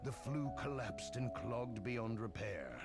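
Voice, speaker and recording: A man's voice: mid-range voice, animated, slow. A man narrating a fantasy dungeon, with a theatrical delivery. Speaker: game narrator. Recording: game audio with loud music. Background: game music.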